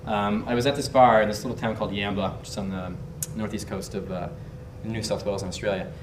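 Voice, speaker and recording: A man's voice: on the low side, steady tone, fast talker, background noise. A young man teaching body language through a candid, brash story, swearing and laughing as he talks, heard through a distant mic in a roomy space. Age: young adult. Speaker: body language and dating instructor. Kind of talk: casual storytelling lesson.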